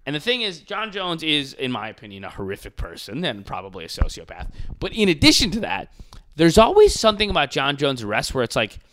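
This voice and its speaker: A young man in casual podcast chat, telling stories in a profane, animated way. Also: on the high side, fairly quick.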